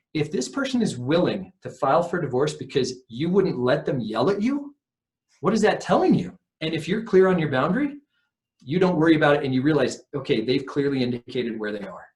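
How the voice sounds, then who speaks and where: A man's voice: a little high, big pitch swings, fairly quick. A man, a recovery coach guest on a podcast, explaining earnestly and emphatically, acting out quoted lines.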